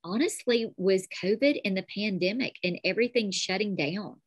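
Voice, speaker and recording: A woman with a strong North Alabama accent, a calligraphy teacher chatting as a podcast guest, telling stories in an animated way. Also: medium pitch, normal speed, breathy edge, dry recording. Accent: North Alabama Southern. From North Alabama, USA. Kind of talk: casual interview chat.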